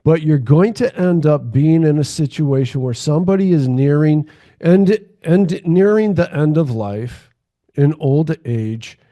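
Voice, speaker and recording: Mellow-voiced man musing reflectively. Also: a little high, animated. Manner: measured, reflective, with frequent murmured agreement. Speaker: podcast co-host. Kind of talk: casual conversation.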